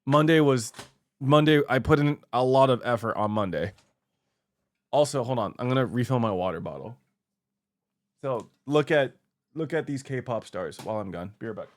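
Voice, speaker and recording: A male streamer chatting live to his viewers, theatrical, groaning and yelling at chat, sore from a workout. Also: medium pitch, moderate pace, long pauses. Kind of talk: livestream chat.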